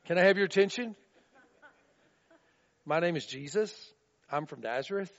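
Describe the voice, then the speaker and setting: A preacher voicing a calm male messiah. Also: sits high, normal speed. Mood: announcing. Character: Jesus, a calm male messiah announcing himself. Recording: dull recording with long reverb.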